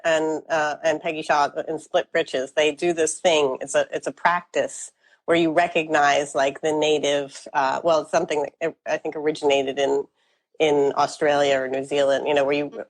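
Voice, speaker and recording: A woman's voice: sits low, rough recording. A woman hosting an interview who talks hesitantly and apologetically, often laughing as she speaks. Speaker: interviewer host. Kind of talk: conversational interview.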